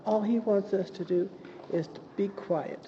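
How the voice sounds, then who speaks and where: A woman sharing a personal faith story in conversation, halting with restarts. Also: medium pitch, steady tone. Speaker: co-host or guest. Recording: dull, roomy lo-fi with faint hiss.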